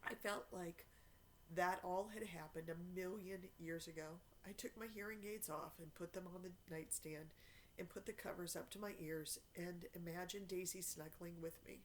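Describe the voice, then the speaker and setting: A woman's voice: lowish voice, a little hiss or hum, rough recording. A woman reading a novel aloud in an earnest, emotional way. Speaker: reader.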